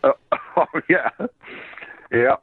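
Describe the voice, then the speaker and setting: Older guy, bit hoarse, laughing thru his stories, swears here and there, sounds like a phone line. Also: takes it slowly, dry recording. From born in Ireland, raised in Canada. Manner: animated storyteller, laughs often, swears casually. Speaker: voice actor and singer guest. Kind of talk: casual interview. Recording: dry tinny phone-like line.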